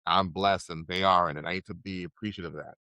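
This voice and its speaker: A man's voice: sits low, fairly even intonation, fast, pushed and bright, no room sound, muffled recording. Heartfelt young man, casual swearing. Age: young adult. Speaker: podcast co-host. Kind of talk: casual chat.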